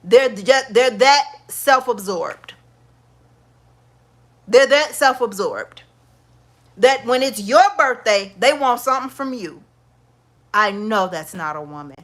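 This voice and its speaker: A woman's voice: a little high, slow pace, pauses often. A woman, chatting bluntly and profanely to her viewers in a casual livestream. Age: 50s. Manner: blunt, animated and profane, talks straight to viewers. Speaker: makeup vlogger.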